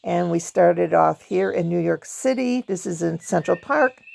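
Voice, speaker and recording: A woman hosting a casual vlog, chatting warmly about pictures and reading from a book, laughing now and then. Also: fairly low pitch, expressive, unhurried, gravelly. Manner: chatty, laughs often, hums song snippets. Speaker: video host; performer.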